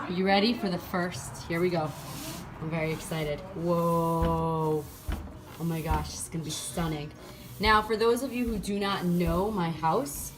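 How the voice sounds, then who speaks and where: A woman casually chatting to the camera as she fixes up and paints a front door, upbeat and talkative. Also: lowish voice. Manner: chatty and upbeat, talks to camera while working. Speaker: home renovation vlogger. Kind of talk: casual DIY vlog.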